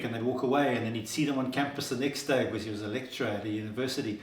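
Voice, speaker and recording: A man's voice: mid-range voice, steady tone, fast, few pauses. A man gives an earnest, upbeat inspirational talk in a mid-range voice. He talks through plenty of fillers and restarts. The room around him has a noticeable echo. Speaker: host.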